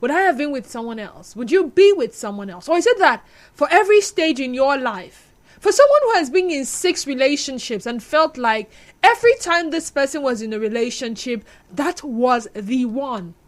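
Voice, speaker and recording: High-voiced, chatty Nigerian woman host. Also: normal speed. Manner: chatty and expressive, acts out scenes and laughs at herself. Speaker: radio talk show host. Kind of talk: radio talk show monologue. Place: radio studio. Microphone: studio microphone.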